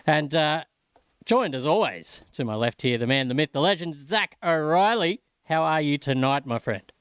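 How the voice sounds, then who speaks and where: A man's voice: a little high, expressive, normal speed, fairly bright tone, clean tone, dry recording. A man commentating a sim race, upbeat and rattling through track details. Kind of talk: play-by-play commentary. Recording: music playing underneath. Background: background music.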